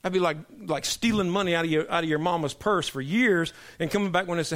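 Emphatic preaching man, fairly high voice. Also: fast talker, fairly bright tone. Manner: emphatic, preacherly, drops low for punchlines. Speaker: pastor. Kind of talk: sermon. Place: church sanctuary.

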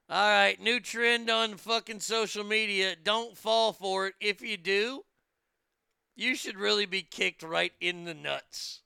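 A man's voice: sits high, takes it slowly, creaky, pushed and bright, clean tone, no room sound, studio quality. A man hosting a crude comedic news commentary, brash and profane, mocking the stories he reads. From United States.

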